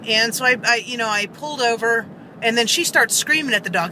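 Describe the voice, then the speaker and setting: A woman's voice: on the high side, fairly quick, bright, forceful tone, slight background noise, low-quality recording. A woman vlogger earnestly telling a story to camera, rambling with many fillers and restarts, seated in a car.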